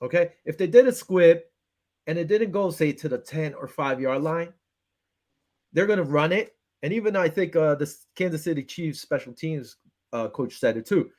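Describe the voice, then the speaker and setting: On a casual sports talk show, a man with a voice on the high side and a Western New York accent talks at normal speed. Agitated and frustrated, he breaks down a game, animatedly replaying his phone calls as back-and-forth dialogue while he rants.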